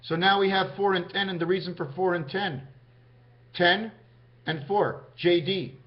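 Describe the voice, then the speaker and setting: A man's voice: high voice, fairly even intonation, unhurried. A man talking in a meandering vlog monologue, counting out numbers and speaking directly to his viewers. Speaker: vlogger. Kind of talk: rambling numerology monologue to camera. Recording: dull lo-fi sound.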